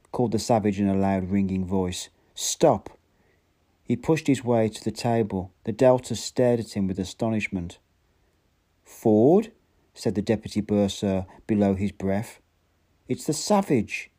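A man reading a novel aloud at a measured pace, stumbling now and then and correcting himself. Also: fairly low pitch, fairly even intonation, mellow. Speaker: audiobook narrator.

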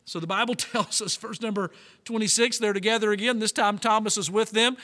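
Pastor, male, high bright voice, preaches with emphatic drawn-out stresses, long hall reverb. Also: steady tone. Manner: emphatic, slows and stretches key words. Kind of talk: sermon.

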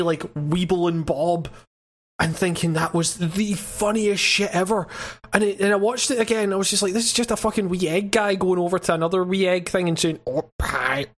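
Young man, casual rambling chat, lots of fillers, higher-pitched voice. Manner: rambling, halting, many fillers and swearing.

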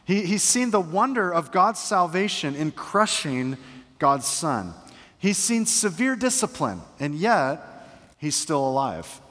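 A middle-aged male pastor preaching a sermon to his church, earnest and shifting between hushed and emphatic. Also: a little high, very animated, takes it slowly. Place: church sanctuary. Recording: long hall reverb.

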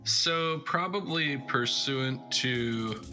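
A man's voice: mid-range voice, extremely slow, bright, forceful tone, faint music behind. A man co-hosting a casual gaming chat, joking and asking rambling questions. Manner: jokey, self-deprecating, asks long questions. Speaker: co-host.

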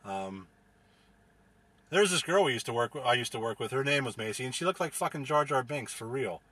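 A man's voice: medium pitch, lively intonation, a little fast, fairly bright tone, slightly rough. A young man, hosting a casual solo podcast from inside his car, rambling, profane and joking. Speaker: podcast host.

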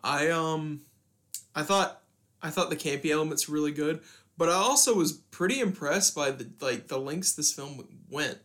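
Higher-voiced young man discussing movies. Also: a bit bright. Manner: loose, halting, restarts sentences. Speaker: podcast co-host. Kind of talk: casual film review chat.

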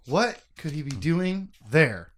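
A man's voice: on the high side, very animated, takes it slowly, fairly bright tone. A man co-hosting a casual podcast, rambling and self-mocking, swearing freely as he recaps a story. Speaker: podcast co-host recapping a book.

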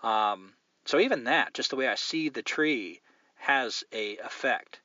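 A man's voice: mid-range voice, animated, a little slow, bright, forceful tone, no room sound, muffled recording. A man hosting a podcast, musing aloud at length in a casual, rambling way with many fillers. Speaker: podcast host.

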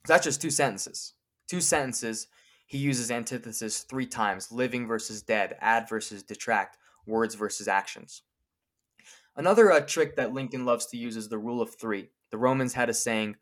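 A man co-hosting a podcast, explaining a famous speech in a clear, lecturing way and slowing down to quote lines from it. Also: mid-range voice, fairly bright tone. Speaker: podcast co-host.

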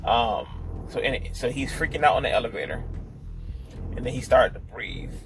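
A man's voice: medium pitch, expressive, moderate pace, gravelly, a bit bright, faint music behind, poor audio. A man hosting a solo podcast, talking in a rambling, profane way that often restarts itself. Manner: rambling, profane, self-interrupting. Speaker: podcast host. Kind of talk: casual solo podcast monologue.

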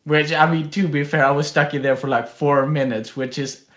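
Guy telling a story on a podcast, kinda high voice, laughing, echoey room. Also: fairly even intonation, moderate pace, a bit bright. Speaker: podcast host. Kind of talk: casual storytelling chat.

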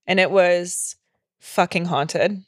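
A woman's voice: on the low side, slow pace, no echo, studio quality. A young woman co-hosting a podcast in casual chat, talkative and profane, saying "like" a lot. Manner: chatty, profane, heavy use of "like". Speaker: podcast co-host.

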